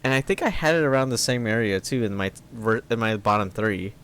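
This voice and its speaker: A man's voice: on the low side, expressive, fairly quick, fairly bright tone, clear, resonant tone. A man co-hosting a podcast, complaining about films in exasperated, profane casual chat. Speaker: podcast co-host. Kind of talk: casual film review chat.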